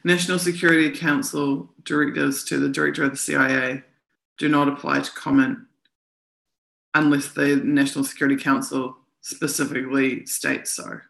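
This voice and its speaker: A woman's voice: a bass voice, fairly even intonation, moderate pace, vocal fry, a bit bright. A woman co-hosting a live stream, reading official text aloud and then commenting on it. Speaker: co-host analysing documents. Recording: roomy echo.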